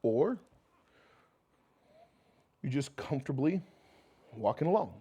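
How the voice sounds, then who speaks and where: A man preaching a sermon to his congregation with an American accent, swinging from loud emphatic calls to quiet, intimate passages and slipping in joking asides. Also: mid-range voice, big pitch swings, slow, breathy edge. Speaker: pastor. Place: church sanctuary before a congregation.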